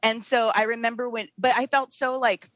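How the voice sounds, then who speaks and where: A woman's voice: fairly high pitch, steady tone, moderate pace, fairly bright tone, highs cut off. A woman in her thirties, a podcast guest, talking openly and candidly in casual conversation. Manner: open, candid, lots of fillers and restarts. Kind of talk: casual interview chat.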